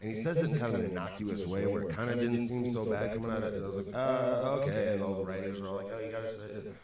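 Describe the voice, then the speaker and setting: Lower-voiced man telling a wry, exasperated story. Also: rapid-fire, a crowd in the background. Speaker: interview guest. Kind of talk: storytelling anecdote. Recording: echoey distant replay from a stream.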